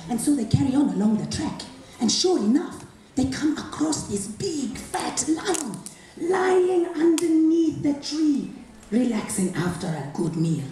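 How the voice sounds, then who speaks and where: A woman telling a folktale live in rhythmic, expressive, repeating phrases. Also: sits high, measured pace, a little hiss or hum. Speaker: storyteller. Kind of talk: live oral storytelling. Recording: echoey hall from far off, faint ambience.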